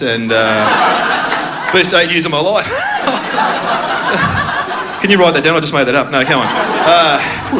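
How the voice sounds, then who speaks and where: Australian male stand-up, self-mocking crowd banter, high and animated, noisy live club sound. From Melbourne, Australia. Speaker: stand-up comedian. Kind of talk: stand-up comedy set.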